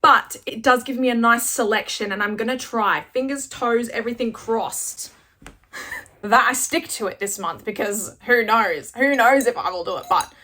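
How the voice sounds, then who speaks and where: A woman's voice: fairly high pitch, normal speed, pushed and bright. Bubbly Australian woman book vlogger. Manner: bubbly and gushing, chatty with many likes. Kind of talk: casual chat to camera.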